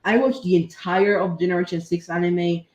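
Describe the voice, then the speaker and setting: A man's voice: high-pitched, little pitch movement, normal speed. A young man hosting a stream, chatting casually and hesitantly with lots of fillers. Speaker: stream host. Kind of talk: casual chat about cartoons and games. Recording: echoey room.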